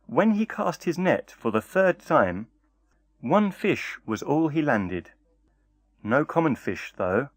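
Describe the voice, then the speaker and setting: A man narrating a fairy tale in a measured, expressive reading style. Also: mid-range voice, dry recording. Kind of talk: storybook narration.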